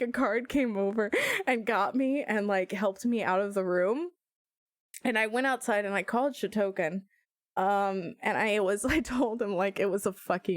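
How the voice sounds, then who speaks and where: A young adult woman streamer telling a story in a casual, animated way while playing a game. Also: mid-range voice, dry recording, studio quality. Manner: animated, swearing, laughing storyteller.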